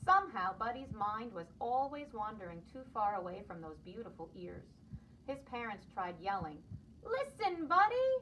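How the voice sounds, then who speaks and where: A woman preschool teacher reading a picture book aloud to children, expressive and lively. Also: mid-range voice, moderate pace, far from the mic, highs cut off, slight background noise.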